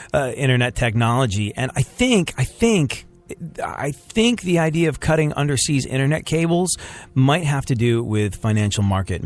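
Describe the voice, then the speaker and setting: A man hosting a comedy news podcast, rambling and excitable, with many restarts. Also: lowish voice. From United States. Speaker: podcast host.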